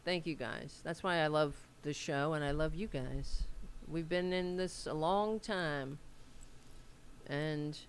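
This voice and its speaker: A woman's voice: deep voice, takes it slowly, slight background noise. A woman hosting a casual livestream, rambling as she reads aloud and answers viewer comments, with a Staten Island accent. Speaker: host.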